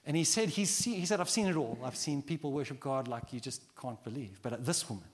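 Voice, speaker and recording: A middle-aged man preaching a sermon as pastor, animated and acting out quoted prayers. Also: mid-range voice, quick pace. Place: large church hall. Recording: long hall reverb.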